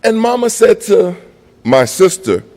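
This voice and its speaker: A preacher telling a story in a reverberant church. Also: male voice, very animated, unhurried. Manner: storytelling, rising to high emotional peaks then dropping quiet. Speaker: guest pastor. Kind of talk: preaching a sermon. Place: church sanctuary.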